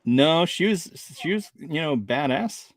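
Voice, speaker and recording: A woman's voice: low-pitched, animated, measured pace, dry recording, studio quality. A woman host chatting casually on a stream, laughing often and passing on viewer messages. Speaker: show host.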